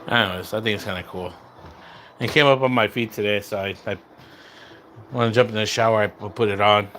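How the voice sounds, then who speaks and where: Chatty man livestreaming, bright voice. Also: on the low side, fairly quick, a little hiss or hum. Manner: rambling, chatty, bursts into excited whoops; mixes in Spanish words. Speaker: livestream host. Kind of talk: casual livestream chat with viewers.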